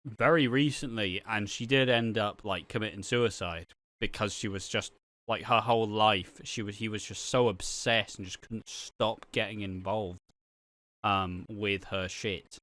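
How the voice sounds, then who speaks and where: A man's voice: lowish voice, fairly even intonation, a little slow, a bit bright. A man co-hosting a casual chat, joking and swearing, laughing as he mimics characters. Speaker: podcast co-host.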